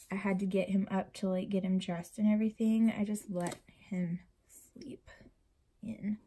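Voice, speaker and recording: A woman's voice: medium pitch, warm tone, a little hiss or hum. A young woman vlogger chatting casually and rambling while decorating a planner. She sounds tired and uncomfortable and often drops to a near whisper.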